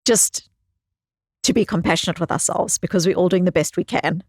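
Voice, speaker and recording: A woman psychologist telling personal stories as a guest in an interview, expressive and fond of repeating phrases for emphasis. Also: on the low side, brisk, breathy edge, no room sound, clean studio sound. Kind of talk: conversational interview storytelling.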